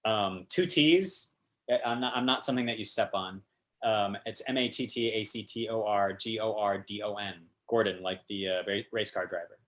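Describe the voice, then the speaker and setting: A man from the American South, a guest actor, chatting casually and telling animated stories with plenty of fillers. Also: on the low side, normal speed. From Georgia, US South. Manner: animated storyteller, many fillers. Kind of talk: casual interview chat.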